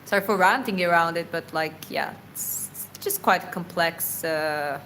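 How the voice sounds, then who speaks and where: A woman's voice: fairly low pitch, normal speed, a bit bright, slight background noise, rough recording. A woman boxer answering viewer questions in a casual livestream Q&A. She talks in an earnest, reflective way, rambles, corrects herself and laughs often.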